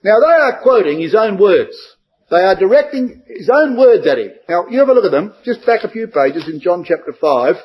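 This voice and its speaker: Man, Bible study preacher, emphatic, animated rise and fall, slightly husky. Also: high voice, normal speed, poor audio. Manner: addresses the congregation with rhetorical questions. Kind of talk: verse-by-verse Bible study talk.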